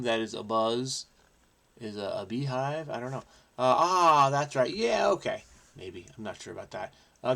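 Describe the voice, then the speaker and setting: A man from New Jersey solving a crossword aloud, excitable and frenetic, muttering to himself and breaking into snatches of song. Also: mid-range voice, gravelly. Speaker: crossword solver host. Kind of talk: thinking aloud while solving.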